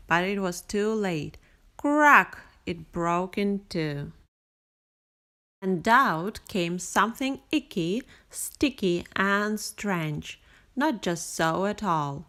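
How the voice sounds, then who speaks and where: A woman reading a bedtime picture book aloud, gentle and expressive, with sing-song repetition. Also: mid-range voice, drawn-out words. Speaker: storyteller. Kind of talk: bedtime story read aloud.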